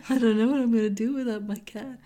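A woman's voice: on the high side, fairly even intonation, fast talker, dark tone. A woman co-hosting a casual chat podcast, teasing and laughing often as she talks. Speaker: podcast co-host and author.

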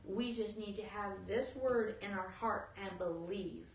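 Woman, earnest informal preacher, gravelly edge, distant mic in an echoey room. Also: medium pitch, unhurried, slight background noise. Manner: earnest, storytelling, with restarts. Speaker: speaker in a teaching talk. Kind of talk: informal sermon.

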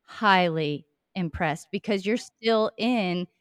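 A woman's voice: medium pitch, slow pace, clean tone, dry recording, studio quality. A woman hosting a podcast interview, speaking in an effusive, affirming way. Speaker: podcast host.

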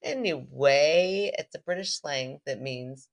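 A woman's voice: sits low, slow. A woman co-hosting a podcast in casual chat, playful and teasing, laughing often. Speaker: podcast co-host.

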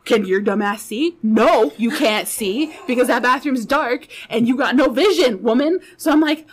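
A fairly high-voiced woman spins a comic tale from her own life as a podcast guest. She talks in loose, casual chat, swears freely and breaks into laughter often. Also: a little fast. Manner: profane, animated, laughs often.

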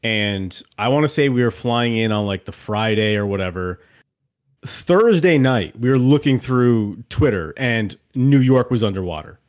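A man's voice: mid-range voice, lively intonation, moderate pace. A man co-hosting a podcast in casual chat, laid-back and chiming in with quips. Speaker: podcast co-host.

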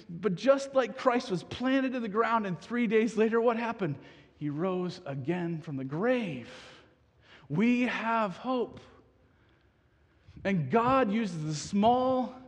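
A man in his thirties delivers a sermon in an earnest, questioning way, often restarting his sentences. His voice sits high and sounds a little husky. The sound trails off in the long reverb of a large hall. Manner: earnest, asks the congregation questions, frequent restarts. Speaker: pastor.

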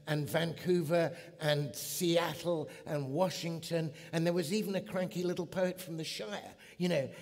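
A middle-aged man from England giving an animated sermon as a guest preacher, building to emphatic peaks. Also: on the high side, gravelly, husky. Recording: long hall reverb.

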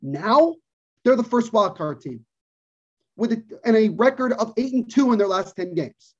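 A man's voice: high-pitched, lively intonation, moderate pace. A man co-hosting a podcast, ranting emphatically about sports and repeating his points for stress. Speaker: podcast co-host. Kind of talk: casual sports talk, opinionated rant. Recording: dull lo-fi podcast audio.

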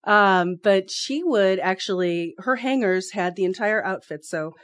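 A woman's voice: mid-range voice, expressive, a little slow, fairly bright tone. A middle-aged woman co-hosting a podcast in a radio studio, chatting casually and laughing often as she teases herself. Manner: laughs often, self-teasing. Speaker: podcast co-host. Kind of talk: casual chat.

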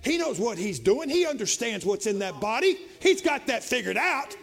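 A male pastor, preaching a sermon with frequent repetitions and stretches that build into shouting. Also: very high-pitched, big pitch swings, normal speed, gravelly.

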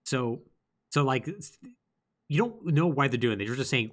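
Male podcast co-host, animated storyteller, very lively pitch, casual game recap. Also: moderate pace, pauses often.

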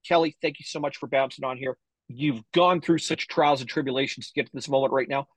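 A man's voice: mid-range voice, fairly even intonation, fast talker, no echo, low-quality recording. A man hosting a podcast interview, casual and emphatic, chiming in with short reactions. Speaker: podcast host.

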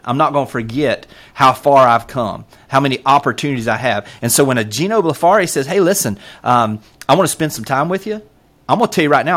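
Man, Southern US accent, lively swinging pitch, earnest, many fillers, podcast guest. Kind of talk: casual interview chat.

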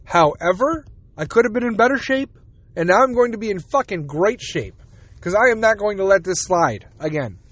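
In a muffled recording with no room sound, an animated podcast host speaks at a moderate pace in a high voice. He's an adult with a child, and his casual solo monologue rambles along with lots of swearing and self-deprecation.

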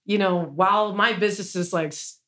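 A woman of middle pitch tells a long personal story as an interview guest, rambling from one point to the next with frequent fillers and restarts. Her tone turns indignant as she recounts being wronged. It sounds like casual talk rather than a prepared account. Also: brisk, a bit bright. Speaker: small business owner, interview guest.

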